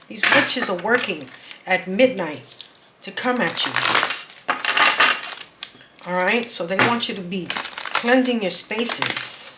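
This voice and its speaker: A woman's voice: medium pitch, noisy background. A woman giving an intuitive card reading to her viewers. She talks earnestly, repeats words and urges her listeners on. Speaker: spiritual card reader.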